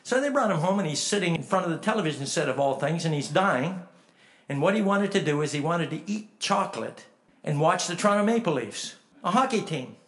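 A man preaching a storytelling sermon, swinging from hushed to emphatic and asking the listeners direct questions. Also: on the high side, animated, a little fast.

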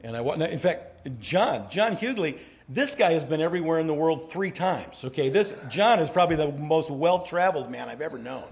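A middle-aged male pastor preaches in a rambling, storytelling way. His pitch sits a touch high and climbs sharply when he gets excited, then drops to hushed asides. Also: moderate pace, gravelly. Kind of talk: sermon with personal stories.

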